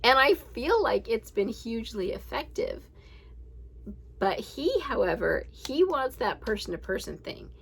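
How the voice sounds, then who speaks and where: Gravelly-voiced woman in her forties. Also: fairly high pitch, sing-song, unhurried, slight background noise, rough recording. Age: 40s. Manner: candid, rambling, laughs and swears. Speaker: podcast host reading a daily book. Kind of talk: casual reflective reading and chat.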